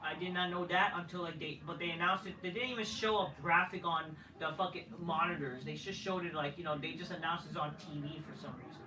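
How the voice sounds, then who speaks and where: A man's voice: on the high side, a little fast, few pauses, roomy sound, distant mic, a crowd in the background, poor audio. A man ranting through a casual wrestling show review, profane and exasperated, rambling from one gripe to the next. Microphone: camera mic at a distance.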